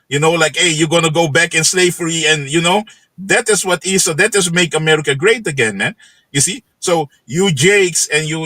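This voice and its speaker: Man, casual livestream preacher, bright forceful voice, dry close sound, keeps saying "man" and "you know". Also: a little high, dry recording, rough recording. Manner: loose and conversational, tags lines with "man" and "you know". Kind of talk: casual scripture teaching on a livestream. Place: home setting in the Netherlands.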